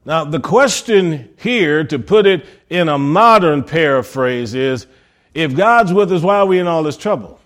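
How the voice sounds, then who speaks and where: A man preaching a sermon as pastor, firing off rhetorical questions and repeating key phrases, moving between soft asides and emphatic rises. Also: a little high, animated, moderate pace.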